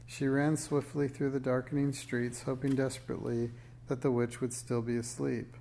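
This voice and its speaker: A man reading a children's storybook aloud, measured and expressive. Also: mid-range voice, gravelly, slight background noise. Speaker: narrator.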